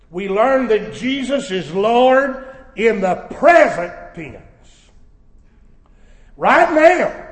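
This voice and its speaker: Slow-preaching man in an echoey hall. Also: high voice. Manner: preaching with swells into shouted emphasis. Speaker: pastor. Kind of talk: sermon. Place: church sanctuary.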